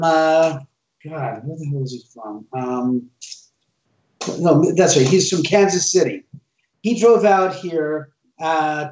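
A man telling an animated first-person ghost story in casual talk, acting out the dialogue as he goes. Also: on the high side. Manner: animated, acts out quoted dialogue. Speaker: homeowner telling ghost stories. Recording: roomy, distant, dull sound.

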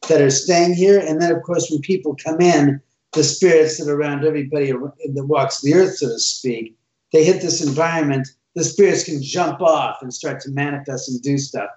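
A man telling an animated first-person ghost story in casual talk, acting out the dialogue as he goes. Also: a little high, moderate pace. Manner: animated, acts out quoted dialogue. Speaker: homeowner telling ghost stories. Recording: roomy, distant, dull sound.

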